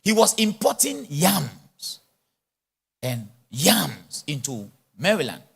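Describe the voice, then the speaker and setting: Speaking slowly in a gravelly, slightly rough voice that sits a little high, a man preaches at a conference in a large church or conference hall. He is animated, talks with an influence, uses pidgin English, and performs small dialogues.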